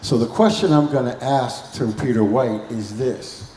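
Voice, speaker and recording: A man moderating a live artist Q&A, asking questions in a measured way. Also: medium pitch, dark tone, reverberant, a little hiss or hum.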